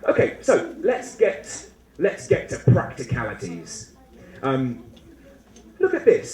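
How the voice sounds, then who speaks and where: A man lecturing a room of teachers with a lively, swinging delivery and a playful sense of humour. His voice carries through a roomy, echoey hall. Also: fairly high pitch. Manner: animated, humorous, acts out student and teacher voices. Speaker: conference speaker.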